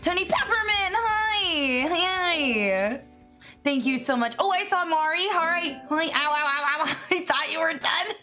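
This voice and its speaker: A woman's voice: very high voice, expressive, measured pace, sharp tone, faint music behind. A young woman streamer chatting casually and giggling as she greets her viewers by name. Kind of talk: casual live-stream chat.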